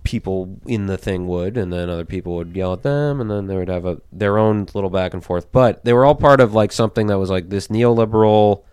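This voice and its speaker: A man's voice: fairly low pitch, fairly quick, hardly any pauses, a little mellow, clear, resonant tone, no room sound. A man in casual political commentary, rambling and emphatic, full of fillers and swearing.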